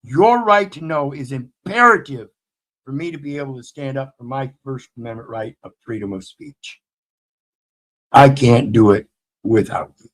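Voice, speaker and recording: A man's voice: medium pitch, moderate pace. A man giving impassioned commentary as host, fiery, preachy and profane.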